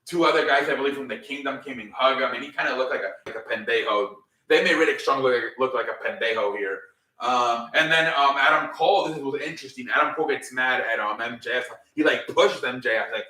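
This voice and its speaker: A man's voice: mid-range voice, fast, bright, forceful tone. A man casually recapping a wrestling show, rambling with lots of fillers and swearing freely. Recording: roomy, mic at a distance.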